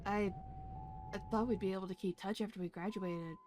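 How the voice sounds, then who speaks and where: Soft, earnest young man, read by a woman streamer in a story game. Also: medium pitch, fairly even intonation, a little fast, natural voice. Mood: wistful. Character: gentle young man, old school friend.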